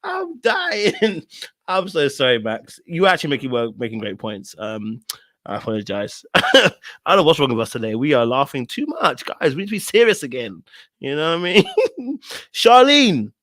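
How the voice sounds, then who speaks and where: A man's voice: on the high side, huge pitch swings, moderate pace, a bit bright, no echo. A man hosting a casual online panel discussion, laughing often and apologizing to the panel. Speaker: podcast host.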